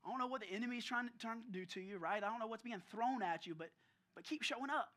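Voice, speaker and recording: Man, pastor, bright clear voice, animated conversational sermon, speaks to the congregation. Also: high voice, fast. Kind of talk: storytelling sermon. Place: church service.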